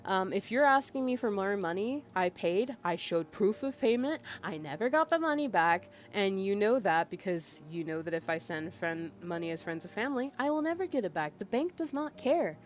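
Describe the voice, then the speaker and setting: A woman's voice: mid-range voice, animated, moderate pace, hardly any pauses, slight background noise. A woman streaming as a VTuber, casually venting as she reads out a chat log, exasperated and emphatic with lots of fillers. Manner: exasperated and emphatic, with frequent fillers and bursts of laughter.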